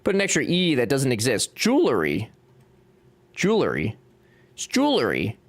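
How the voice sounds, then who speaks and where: This young streamer's mid-range voice swings hugely in pitch at a moderate pace. With his Cajun accent from Louisiana, he builds on stream, joking casually and reading chat aloud.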